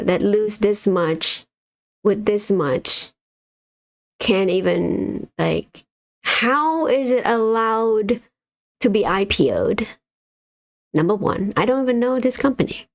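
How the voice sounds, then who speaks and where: A woman's voice: medium pitch, lively intonation, slow, gravelly, long pauses. A woman hosting a casual livestream, giving exasperated, blunt commentary on stocks while reading figures off a screen. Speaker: stock market livestream host.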